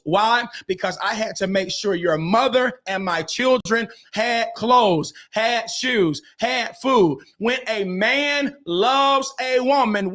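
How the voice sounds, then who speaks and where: A man's voice: extremely high pitch, expressive, slow pace, few pauses, fairly bright tone. A man, hosting a podcast and giving relationship advice in an emphatic, preacher-like way, repeating phrases and calling out to his listeners.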